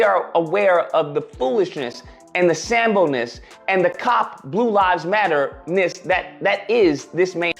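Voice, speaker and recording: A man delivering fired-up reaction commentary, his voice leaping all over with rising pitch as he hammers each point. He repeats phrases for force and talks in a slightly higher register than most men. Faint music plays underneath. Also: expressive, a little slow, creaky. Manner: emphatic, indignant, repeats for emphasis.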